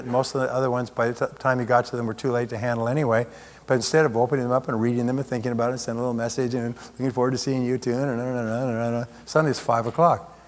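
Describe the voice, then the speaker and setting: A man giving a live seminar talk as a motivational speaker, conversational, with plenty of rhetorical questions. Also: medium pitch. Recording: long hall reverb.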